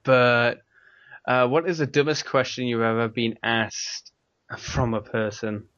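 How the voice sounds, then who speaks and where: A man's voice: mid-range voice, flat delivery, measured pace, a bit bright, no echo. A man with an English accent hosting a casual podcast chat, rambling and laughing often. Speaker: podcast host. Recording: dry, dull lo-fi mic.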